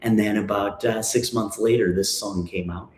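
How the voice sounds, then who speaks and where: A man's voice: fairly low pitch, steady tone, slight background noise. A man in his thirties from Minnesota, chatting casually between songs on his livestream and often stopping on fillers. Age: 30s. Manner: halting, full of "uh" and "you know" fillers. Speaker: musician hosting a livestream. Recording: echoey room with faint guitar.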